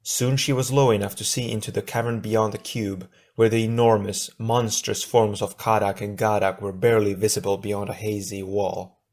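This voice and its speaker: A low-pitched man reads an adventure audiobook aloud. His narration is steady and measured. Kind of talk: scripted narration.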